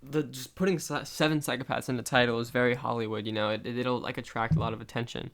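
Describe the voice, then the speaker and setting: A young man co-hosting a podcast, talking casually about a film in a relaxed, rambling way with many fillers. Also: medium pitch, quick pace, gravelly. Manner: relaxed, many fillers like "like", quotes lines in raised voice. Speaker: podcast co-host.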